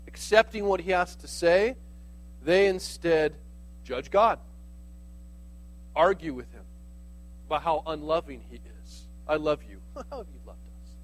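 High-voiced man preaching conversationally. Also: low-quality recording. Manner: conversational preaching, explains with "like" asides. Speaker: pastor. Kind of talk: sermon.

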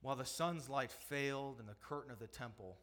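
A middle-aged man, a pastor, preaching a sermon, moving from hushed storytelling to loud, impassioned preaching. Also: mid-range voice, a little fast.

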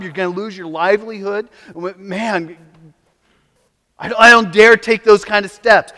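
A man preaching a sermon as pastor, animated, sometimes mocking the voices of opponents. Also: sits high, long reverb tail.

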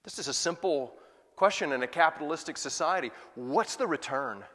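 A male pastor preaching a sermon, moving from loud emphatic questions to soft, quiet asides. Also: fairly high pitch, expressive, a little fast, big-room sound.

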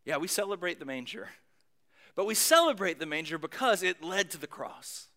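A man preaching a sermon, moving between booming emphasis and hushed near-whispers, with casual conversational asides. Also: big pitch swings, normal speed. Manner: conversational asides with light humor. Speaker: pastor.

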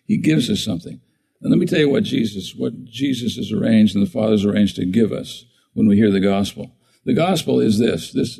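A man's voice: medium pitch, creaky, warm tone, breathy edge, rough recording. A man preaching a sermon in a conversational way, often asking the congregation questions. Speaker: pastor.

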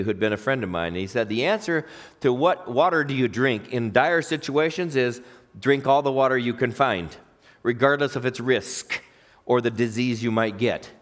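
A man's voice: mid-range voice, big-room sound. A man preaching a sermon, reading scripture and asking his listeners questions. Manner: lively, questions the congregation. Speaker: pastor.

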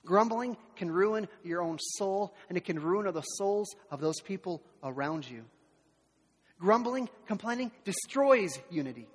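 A man preaching a sermon as pastor, animated, who acts out the voices of complainers. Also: high-pitched, unhurried, breathy edge, big-room sound.

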